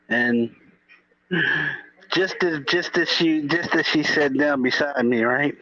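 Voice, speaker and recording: A man hosting a casual chat, circling back and repeating himself as he tells a story. He talks slowly with a bright, sharp tone. The sound is dry and close on dull, lo-fi audio. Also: on the high side, no echo. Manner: repeats himself, restarts stories. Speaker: host.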